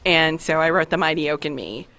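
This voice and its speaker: A woman's voice: sits low, fairly quick, bright, forceful tone. A woman author talking as a guest on a radio show, candid and a little self-deprecating, wandering from topic to topic. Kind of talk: casual radio interview.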